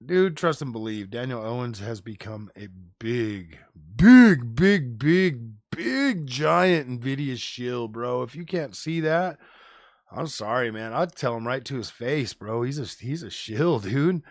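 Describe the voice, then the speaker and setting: A man ranting on a live stream, animated and profane, full of slang like "bro" and "dude.". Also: medium pitch, unhurried, no echo, clean studio sound. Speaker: tech streamer host. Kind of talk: casual live-stream rant.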